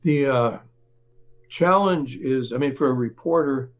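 A man who writes and reports, talking as an interview guest, halting often, with fillers and restarts. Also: mid-range voice, dull audio. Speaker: author and reporter.

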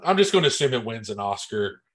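A man's voice: medium pitch, sing-song, fast. A man co-hosting a movie podcast, talking in a laid-back, matter-of-fact casual chat. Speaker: podcast co-host.

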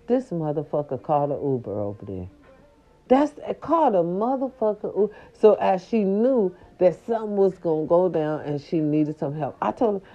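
A woman's voice: on the low side, normal speed. Profane older woman telling a wild story. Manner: animated, profane, addresses viewers as y'all. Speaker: storyteller vlogger. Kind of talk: casual storytelling to viewers. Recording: dull lo-fi recording.

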